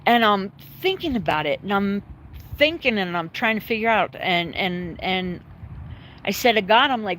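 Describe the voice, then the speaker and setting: A woman's voice: medium pitch, moderate pace, slight background noise. Candid, rambling woman chatting to viewers. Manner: rambling, candid, swears freely; emotional but calm, choked up at times. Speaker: livestreaming vlogger. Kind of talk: casual chat to viewers. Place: at home, dogs in the yard nearby.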